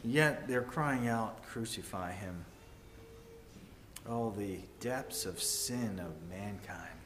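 A man preaching a sermon in a measured, earnest way, swinging between loud emphasis and hushed tones. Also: medium pitch, expressive. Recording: echoey room with faint ambient noise.

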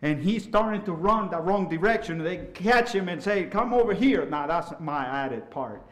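A middle-aged man preaching a sermon, swinging from loud, impassioned hollering down to soft, quiet asides. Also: a little high, moderate pace.

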